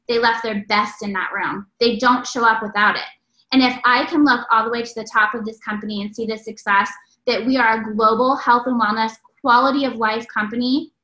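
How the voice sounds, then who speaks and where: Casting note: high, bright, energetic woman delivering a motivational stage talk in an echoey room. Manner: energetic, preachy, exclamatory. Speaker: network marketing speaker.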